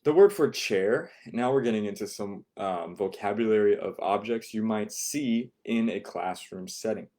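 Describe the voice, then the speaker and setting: A man's voice: on the low side, normal speed, hardly any pauses, mellow. A man teaching an online Japanese vocabulary lesson from home, patiently repeating each word for his students. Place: home, not a classroom.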